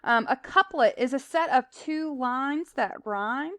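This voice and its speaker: Smooth-voiced woman teaching. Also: high voice, animated, unhurried, sharp tone, no room sound, clean studio sound. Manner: explains plainly, with fillers and asides. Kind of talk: recorded slide lesson.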